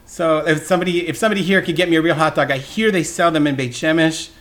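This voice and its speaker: A man hosting a casual podcast chat, telling stories in an animated way and laughing often. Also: fairly high pitch, fast. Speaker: podcast host.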